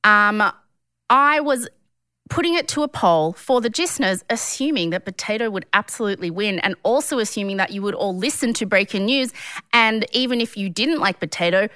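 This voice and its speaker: A woman co-hosting a podcast in casual chat, animated and quick to laugh in disbelief. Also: mid-range voice, smooth, dry recording, clean studio sound. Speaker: podcast co-host.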